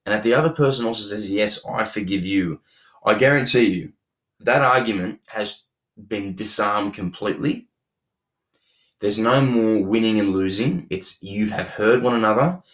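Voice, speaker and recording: Young guy, lowish voice, earnest relationship advice, keeps restarting his sentences. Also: normal speed, a bit bright. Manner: earnest, many restarts and repeated words. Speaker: podcast co-host.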